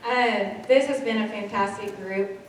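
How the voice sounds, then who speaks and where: A woman's voice: mid-range voice, measured pace, darkish tone, slight background noise. Emotional woman teacher in an echoey hall. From Kansas. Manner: emotional, chatty, laughing asides. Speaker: teacher presenting awards. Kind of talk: award ceremony speech. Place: school gym or hall. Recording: echoey hall, mic far off.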